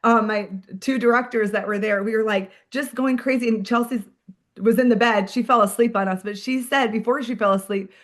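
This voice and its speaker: A woman leading a team meeting as a sales director, giving an energetic, chatty motivational talk, full of "like" and "friends". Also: a little high, a little fast.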